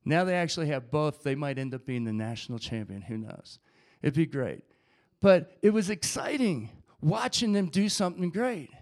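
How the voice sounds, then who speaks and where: A man preaching a sermon in a lively, conversational way, repeating phrases for emphasis. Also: on the high side, normal speed.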